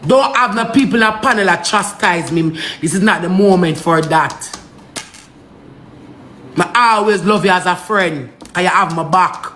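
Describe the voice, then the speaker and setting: A woman's voice: on the low side, unhurried, fairly bright tone, slight background noise. Jamaican woman ranting on a livestream. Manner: repetitive, pleading and scolding in patois. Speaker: social media live streamer. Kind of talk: heated livestream rant.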